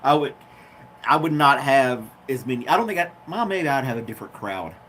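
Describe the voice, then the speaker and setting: A man's voice: mid-range voice, lively intonation, a little fast, fairly bright tone, a little hiss or hum. Tired nasal man musing aloud. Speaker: channel host. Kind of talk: casual livestream chat. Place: living room at home, seated on a love seat. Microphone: phone.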